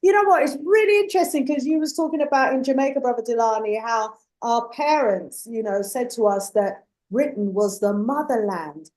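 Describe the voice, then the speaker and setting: A woman hosts a live talk show, reading out audience comments and addressing her guests as "beloved." She speaks with earnest, measured emphasis in a fairly high voice with a somewhat dark tone.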